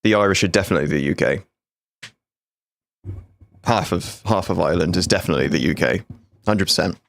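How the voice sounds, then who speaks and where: A man's voice: low voice, fairly quick, vocal fry. A man in his thirties, an ex-soldier streaming a game, chatting frankly with viewers and swearing freely. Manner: frank, sweary, jokey banter. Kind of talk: casual livestream chat with viewers.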